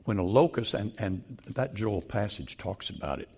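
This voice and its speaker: An older man preaching a sermon, slow and emphatic, with sudden loud stresses on key words. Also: fairly low pitch, animated, breathy edge. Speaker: pastor.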